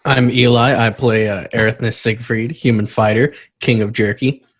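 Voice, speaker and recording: Male player, mid voice, halting and giggly while recapping. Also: medium pitch, steady tone. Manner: hesitant, laughing through his words. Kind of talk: casual tabletop game chat.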